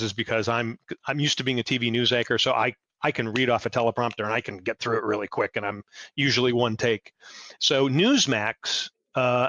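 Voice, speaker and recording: A man in his sixties, a podcast guest, telling stories in a lively way and acting out what people said. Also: dry recording. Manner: animated, acts out quoted exchanges in a higher voice. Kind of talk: storytelling interview chat.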